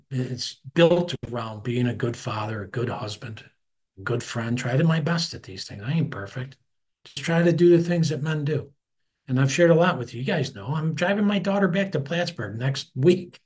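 A man, sharing his recovery story at a meeting in a candid, conversational way, often trailing off quietly. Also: mid-range voice. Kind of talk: personal recovery share.

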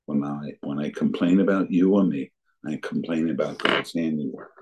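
A man's voice: extremely low pitch, moderate pace, a little mellow, slightly rough, low-quality recording. An older man telling his recovery story as a personal testimony, earnestly acting out remembered conversations. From New Jersey area.

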